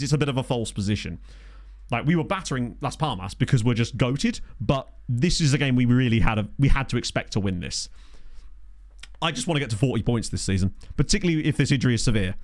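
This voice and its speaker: A man's voice: mid-range voice, dry recording, clean studio sound. A young man giving chatty, jokey commentary while playing a game and thinking aloud. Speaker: gaming commentator. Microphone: studio desk mic.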